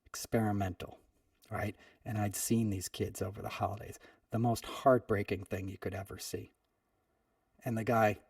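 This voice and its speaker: A man's voice: on the low side, little pitch movement, normal speed, creaky, darkish tone, husky, dry recording, clean studio sound, distant mic. A man hosting a podcast, telling a personal story in a conversational way and leaning on "you know" often. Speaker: podcast host. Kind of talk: storytelling monologue.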